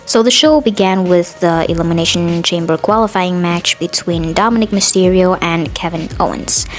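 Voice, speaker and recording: A woman's voice: fairly low pitch, normal speed, soft background music. Chatty opinionated woman podcast host. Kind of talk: casual solo recap of a wrestling show.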